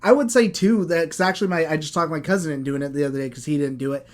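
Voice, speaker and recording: Guy talking fast on a gaming podcast, hedges everything, trails off with "so". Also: fairly high pitch. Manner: quick, hedging, trails off with "so". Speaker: podcast co-host. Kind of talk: casual podcast chat.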